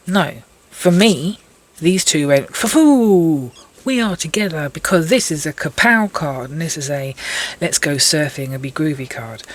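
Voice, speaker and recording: A woman's voice: low voice, gravelly, a little hiss or hum. A woman giving a casual tarot reading, chatty and rambling, with self-mocking asides. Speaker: tarot reader. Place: indoors at a table with cards.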